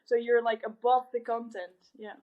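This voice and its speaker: A woman with a high voice hosts an interview. She talks thoughtfully and often stops to search for the right words. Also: flat delivery, moderate pace, phone-quality sound. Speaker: host. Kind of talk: conversational interview.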